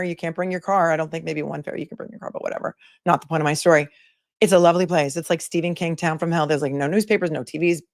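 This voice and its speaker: A woman's voice: lowish voice, no room sound, clean studio sound. A woman hosting a live commentary stream, chatting casually, joking and reading viewer comments aloud. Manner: chatty, jokey, reads chat messages aloud.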